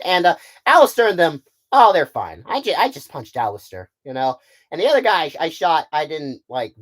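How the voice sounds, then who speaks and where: Man with a lively, stammering voice. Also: on the high side. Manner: stammers, often repeating words before finishing a thought; rambling and offhand, with frequent fillers like "like" and "you know". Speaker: puppet series creator on a stream. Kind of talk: casual stream chat answering viewer questions.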